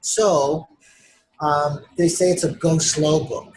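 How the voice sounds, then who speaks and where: This author, interviewed remotely on a live online stream, has a somewhat high but darkish voice and speaks slowly with a steady tone. The recording is low quality with a little hiss or hum. He still tells his stories with enthusiasm, voicing other people's lines in an animated, casual way.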